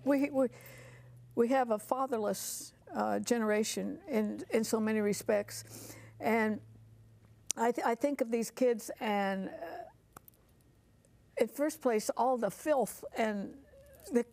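An older woman hosting a talk show, speaking haltingly with many restarts and quick affirmations. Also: on the high side, darkish tone. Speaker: TV show host.

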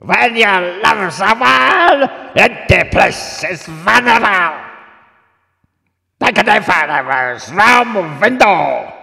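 A man's voice: high voice, animated, drawn-out words, gravelly, bright, forceful tone, voice pushed up, exaggerated voice. A man voicing a shrieking, sobbing posh woman with a Birmingham accent, Russian cat-like wails and added echo. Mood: dramatic.

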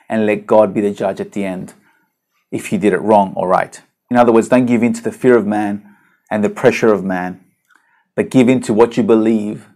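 A man delivers a sermon with a notably high voice. He is earnest and emphatic, and he leans on rhetorical questions. His pace shifts from slow, deliberate phrases to quick bursts. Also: a little mellow. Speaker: pastor.

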